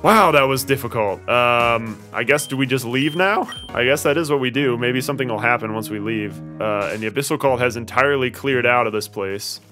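A let's play host commentates on his video game playthrough, rambling, exasperated and pleading with the game's characters. He speaks briskly in a sharp, mid-range voice with hardly any pauses. Soft music plays in the background.

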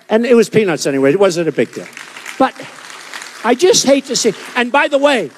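A man in his sixties giving a boastful, rambling campaign rally speech in a hot hall. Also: extremely high pitch. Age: 60s. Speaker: political candidate. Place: hot indoor hall with a crowd. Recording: reverberant hall with crowd noise.

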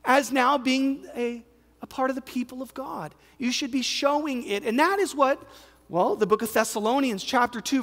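American pastor preaching in an echoing hall. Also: male voice, extremely high pitch, a bit bright. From United States. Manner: conversational, emphatic preaching with rhetorical questions. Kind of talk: sermon. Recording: reverberant hall.

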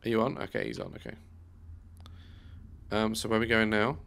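A man's voice: fairly low pitch, flat delivery, a little fast, creaky, pauses often, a bit bright, clear, resonant tone. A man giving let's play commentary on a video game, chatty and bemused, thinking aloud as he plays. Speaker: gaming YouTuber.

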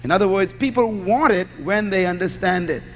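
A man's voice: high-pitched, a little fast, a bit bright, slight background noise. A man preaching a sermon, teaching by asking the congregation questions and supplying the answers. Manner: teaching with call-and-response questions. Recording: long hall reverb.

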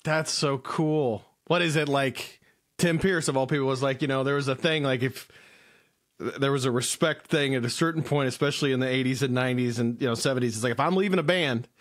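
A man's voice: mid-range voice, fairly quick. A man hosting a casual interview, reacting with short remarks and adding his own stories. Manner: brief encouraging interjections. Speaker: podcast host.

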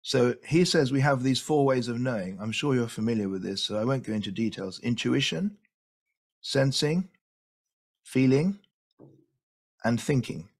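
A man gives an enthusiastic lecture, often doubling words as he presses a point. His voice has a gravelly, fried texture. It rests at an ordinary middle pitch. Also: lively intonation, normal speed, pauses often. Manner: enthusiastic, repeats words for emphasis. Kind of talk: illustrated lecture.

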